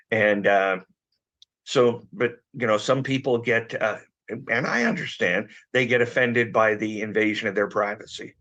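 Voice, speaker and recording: A man with a slightly failing voice, a former investigator, giving measured analysis with frequent fillers. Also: lowish voice, steady tone, a bit bright. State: losing his voice. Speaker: former law enforcement guest. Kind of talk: conversational expert analysis. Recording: dull lo-fi audio.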